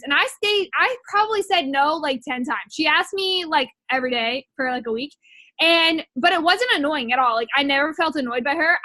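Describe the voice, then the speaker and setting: A woman's voice: high-pitched, bright, forceful tone, no room sound. A young woman telling her story in a chatty, rambling way, full of filler words. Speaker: network marketing distributor. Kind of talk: casual personal testimony.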